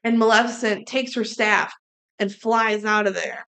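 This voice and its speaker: A woman's voice: medium pitch, gravelly. A woman co-hosting a podcast, chatting casually and acting out bits of dialogue as she recaps a movie. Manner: animated, acts out character lines in quick impressions. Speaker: podcast co-host.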